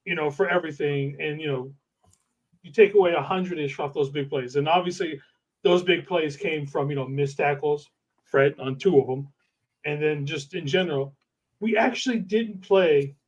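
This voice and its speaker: A man's voice: on the high side, normal speed. Guy cohosting over a call, makes his case point by point, sounds far off and muffled. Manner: reasoning point by point, asks rhetorical questions. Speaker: podcast co-host. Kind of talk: casual sports analysis chat. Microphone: internet call mic. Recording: dull distant internet call audio.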